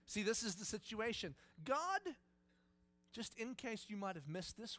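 High, bright-voiced animated preacher man. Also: a little slow. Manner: animated, jokey storytelling. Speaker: pastor. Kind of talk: sermon. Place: church.

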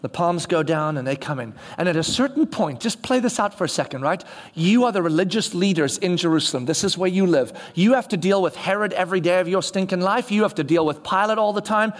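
A man preaching a sermon, telling the story in an animated way and acting out voices of the people in it. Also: sits high, fairly quick. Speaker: pastor.

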